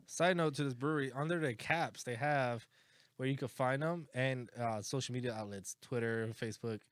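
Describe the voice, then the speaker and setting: A man's voice: medium pitch, normal speed, no room sound, studio quality. A man co-hosting a casual beer-tasting podcast, swearing freely and laughing easily as he chats. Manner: profane, laughing, easily flustered. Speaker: podcast co-host. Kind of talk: casual chat over beers.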